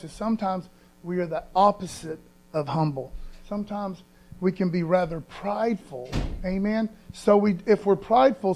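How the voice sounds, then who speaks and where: Man, pastor, sermon, high voice, folksy and emphatic. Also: a little mellow, poor audio. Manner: folksy, conversational preaching with emphatic scripture reading.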